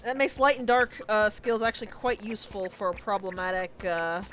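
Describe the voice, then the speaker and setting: A woman streamer with a medium-pitched, slightly bright voice gives casual let's-play commentary at a normal speed. She's chatty, thinks out loud, and says "like" a lot while game music plays in the background.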